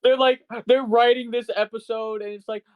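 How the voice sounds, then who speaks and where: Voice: medium pitch, little pitch movement, moderate pace, clean tone, phone-quality sound. A podcast co-host ranting in casual chat, swearing constantly and sounding incredulous.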